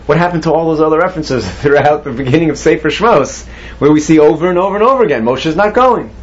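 A man leads a Torah class, pausing to put questions to his students and weaving Hebrew terms into his teaching. His voice sits fairly high for a man. The recording sounds dull and lo-fi. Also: lively intonation.

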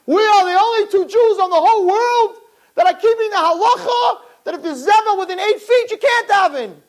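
A man playing a devout prisoner who urgently pleads with his brother and then shouts with joy about their faith. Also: high voice, animated, moderate pace, pitched above the performer's own voice, rough recording. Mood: exultant. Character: faithful male prisoner, fervent and joyous.

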